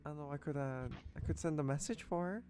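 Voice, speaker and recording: A man's voice: on the high side, animated, fast, darkish tone, close to an everyday voice. A man putting on a cheerful Irish fortune-teller woman. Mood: friendly.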